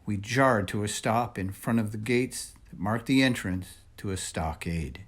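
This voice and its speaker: A man reading a children's storybook aloud in a measured, expressive way. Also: fairly low pitch, breathy edge. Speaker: reader.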